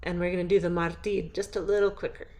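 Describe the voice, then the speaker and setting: A woman's voice: fairly low pitch, level tone, fast, darkish tone. A woman voice teacher who patiently explains a song, then sings phrases to show them. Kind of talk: singing lesson walkthrough.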